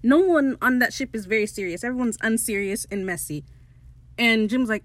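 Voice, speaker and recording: A woman's voice: fairly high pitch, moderate pace, dry recording. A woman hosting a podcast, casually retelling a comedy episode with lots of laughter and quoted lines. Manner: animated storytelling, quotes characters in put-on voices, laughs often. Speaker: podcast host recapping a TV episode. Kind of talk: casual chat.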